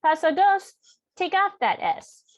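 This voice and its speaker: A woman's voice: very high-pitched, very animated, unhurried, dry recording, highs cut off. A woman teaching a Spanish grammar lesson step by step, patiently mixing English and Spanish and checking in with her students. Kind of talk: classroom lesson, explaining step by step.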